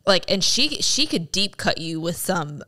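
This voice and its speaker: A woman's voice: fairly low pitch, very animated, unhurried, sharp tone. A woman co-hosting a casual movie podcast, chatty and laughing often as she acts out little quotes. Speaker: podcast co-host.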